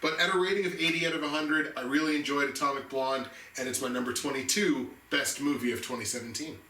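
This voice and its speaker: A man's voice: mid-range voice, fairly even intonation, quick pace, sharp tone, recorded from a distance. A man co-hosting a movie review show, chatting casually and enthusiastically about films, rambling with restarts. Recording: echoey room, voice off-mic, faint noise.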